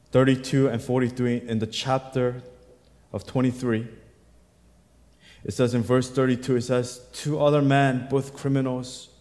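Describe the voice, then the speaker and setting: Preaching man in an echoing hall. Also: medium pitch. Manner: rises to loud emphatic bursts, then drops quiet; reads scripture aloud, acting out the quoted voices. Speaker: pastor. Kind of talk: sermon. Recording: long hall reverb.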